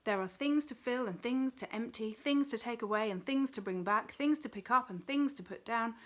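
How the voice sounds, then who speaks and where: A woman's voice: fairly high pitch, normal speed, close to an everyday voice. A woman doing a snarling, wheedling demon man. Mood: coaxing. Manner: snarling, then soft deceitful whisper. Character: sly male demon of petty tasks, menacing.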